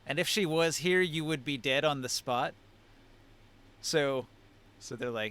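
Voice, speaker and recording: A man running a tabletop game as game master, narrating scenes in a descriptive way and pausing to find words. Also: a little high, a bit bright, clear, resonant tone.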